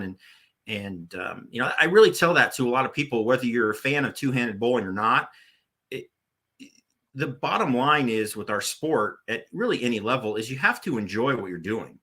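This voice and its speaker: This is a man in his forties with a bright, forceful voice, chatting easily as a podcast guest. He rambles through his stories with lots of restarts and small fillers. His pitch sits right in the middle for a man. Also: animated, moderate pace. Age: 40s. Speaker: podcast guest, former bowling tournament director. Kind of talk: casual storytelling interview.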